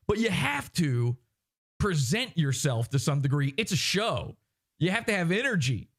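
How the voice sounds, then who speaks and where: An emphatic man hosting a livestream, his voice pitched rather high as he lectures and mocks. He talks close into a broadcast microphone. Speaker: podcast host. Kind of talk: ranting livestream commentary. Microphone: broadcast microphone with headphones.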